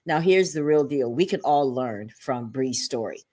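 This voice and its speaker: A woman hosting a livestreamed talk show from a home setup, animated and chatty with playful asides. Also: extremely low pitch, moderate pace.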